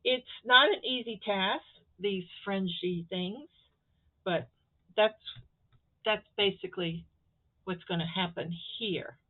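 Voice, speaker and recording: A woman's voice: mid-range voice, slow pace. A woman from Florida chatting casually to her viewers as she shows off a sewing project, rambling and stopping to handle the fabric. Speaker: crafting vlogger. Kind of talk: casual craft show-and-tell. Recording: tinny phone-quality audio.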